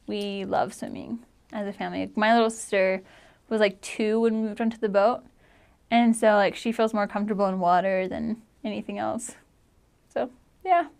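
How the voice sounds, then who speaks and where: A woman in her twenties telling family stories in casual chat, full of "like" and lively quoted voices. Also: mid-range voice. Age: 20s. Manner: chatty, lots of "like", animated quoting. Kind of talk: casual storytelling.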